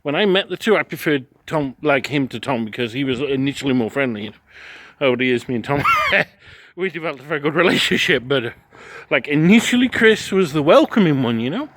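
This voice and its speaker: A man in his forties talks through his day in a loose, frank way, circling back, restarting sentences and swearing casually. His voice sits at an ordinary middle pitch for a man. He sounds like a travel vlogger telling his viewers about the day. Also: lively intonation, fairly quick, fairly bright tone, slight background noise. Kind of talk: casual spoken recap to camera.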